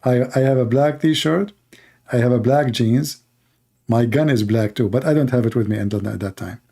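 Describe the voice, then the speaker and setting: A man's voice: mid-range voice, moderate pace, vocal fry, dark tone. A man from the Middle East with a Middle Eastern accent, mocking in blunt broken English on a livestream. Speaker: host. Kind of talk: livestream commentary.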